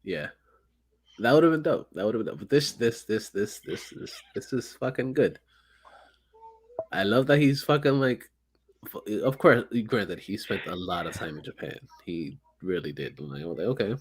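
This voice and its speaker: A man hosting a podcast in casual chat, excitable and profane, rambling with frequent restarts. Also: fairly low pitch, moderate pace, slightly rough. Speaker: podcast host.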